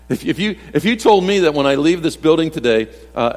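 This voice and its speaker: A man's voice: a little high, big pitch swings, normal speed, few pauses, long reverb tail. A male pastor preaching a sermon in a conversational way, with self-deprecating humor, acting out quotes from scripture and everyday life. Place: church sanctuary.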